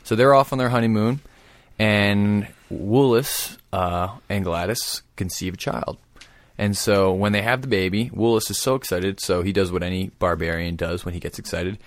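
A man's voice: fairly low pitch, normal speed, dry recording. A man co-hosting a casual talk show, telling a story with enthusiasm and frequent laughs. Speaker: podcast co-host.

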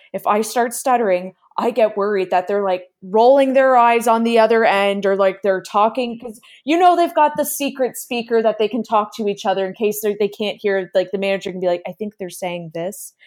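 A woman's voice: fairly high pitch, fairly quick, hardly any pauses. A woman co-hosting a podcast in casual chat, hesitant and stumbling over her words. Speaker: podcast co-host.

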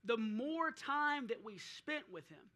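Bright high-voiced preaching man. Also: animated, slow pace. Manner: preaching with rhetorical questions and drill-call shouts. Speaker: pastor. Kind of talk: sermon.

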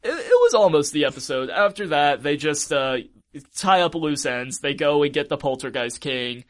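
A man co-hosting a casual podcast, recapping a cartoon with jokes and swearing. His voice sits a bit high and swings widely in pitch. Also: moderate pace. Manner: animated, joking, profane. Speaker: podcast co-host. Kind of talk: casual chat, episode recap.

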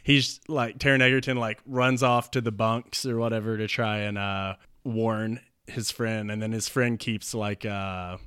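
A man's voice: lowish voice, flat delivery, fairly bright tone, clear, resonant tone, no room sound, clean studio sound. Laughing, rambling man telling a story. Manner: rambling, laughs often, acts out characters with quick voices. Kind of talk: casual chat pitching a movie plot.

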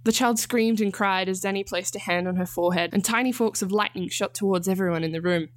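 A woman, the author, reading her own story aloud in calm, measured narration. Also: medium pitch, no room sound. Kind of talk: scripted narration.

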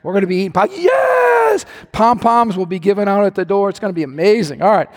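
A man preaching a sermon to his congregation, telling lively stories with playful asides. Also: high voice, racing, big-room sound. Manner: animated storytelling with playful asides. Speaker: pastor. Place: church sanctuary.

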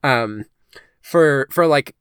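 Brief: male podcast co-host, smooth resonant voice, dry close sound, rambling casual chat. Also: mid-range voice, very slow, a bit bright, no room sound. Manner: chatty, heavy use of "like" and "um". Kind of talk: casual discussion.

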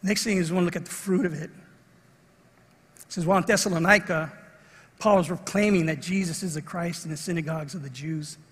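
A middle-aged man preaches with a high, husky voice that rings out through a large hall. He tells a story in an animated way and acts out the people in it. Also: brisk, pauses often. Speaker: pastor. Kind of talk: sermon with a personal story. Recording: long reverb of a large hall.

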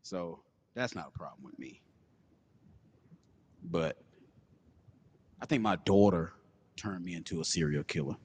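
Male co-host, lively swooping delivery, breathy low bits, reverberant room. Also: measured pace, long pauses, a little hiss or hum. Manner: animated storyteller who slips into low, breathy put-on voices. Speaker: podcast co-host. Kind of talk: casual comedic chat.

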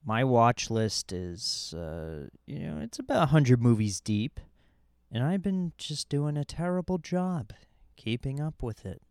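A man hosting a casual podcast who talks slowly and rambles, stumbling over his words as he starts sentences over. His pitch swings widely, so his delivery sounds animated even at a relaxed pace. The recording is dry and close, with no room sound. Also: clear, resonant tone, no echo. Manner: rambling, with many restarts and stammered repeats. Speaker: podcast host. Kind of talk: casual chat.

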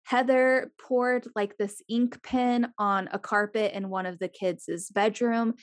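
A young woman chatting casually as a podcast co-host, animated, swearing freely and acting out the people she quotes. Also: on the high side, slow pace, no echo, studio quality. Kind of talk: casual chat.

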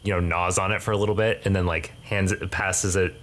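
Young man, game master, very deep voice, halting narration with fillers, faint background noise. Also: fairly even intonation, fairly bright tone. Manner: hesitant, many fillers and restarts.

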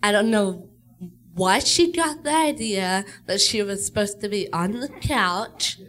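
Slow-talking woman from Texas. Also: mid-range voice, lively intonation, fairly bright tone. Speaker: guest storyteller. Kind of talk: casual storytelling.

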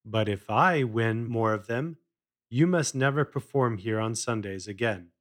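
A man voicing a polite, determined young boy who speaks calmly. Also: medium pitch, measured pace, lightly acted. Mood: polite, firm. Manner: polite, calm.

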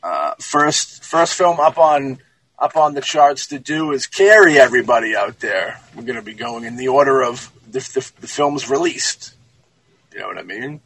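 Host: a husky guy who rambles through casual film chat, dry close sound. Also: medium pitch, expressive, moderate pace, fairly bright tone, no room sound, low-quality recording. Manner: loose, rambling, restarts often. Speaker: podcast host.

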